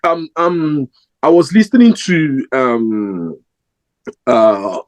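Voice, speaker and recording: A man's voice: medium pitch, very animated, drawn-out words, poor audio. A young man giving his opinion in a casual football fan vlog, rambling and emphatic with lots of fillers and restarts.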